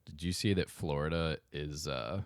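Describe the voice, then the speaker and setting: Very deep-voiced joking podcast guy. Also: moderate pace, smooth, dry recording, clean studio sound. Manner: laid-back, joking, trailing off mid-sentence. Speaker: podcast co-host. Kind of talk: casual chat.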